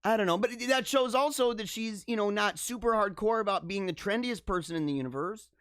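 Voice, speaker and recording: A young man hosting a livestream, reacting to news stories with animated, mock-outraged rants and bursts of laughter. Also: sits high, brisk, no room sound, clean studio sound. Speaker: livestream host. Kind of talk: casual livestream commentary.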